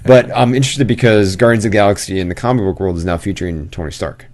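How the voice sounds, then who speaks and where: Fast-talking, low-voiced male podcast host. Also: a crowd in the background. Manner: teasing, quick back-and-forth, playfully bossy. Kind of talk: casual banter podcast.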